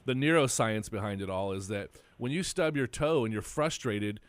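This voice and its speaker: A man hosting a podcast, asking questions and reflecting on what his guest says in a measured way. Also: lowish voice, no room sound. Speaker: podcast host. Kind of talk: podcast conversation.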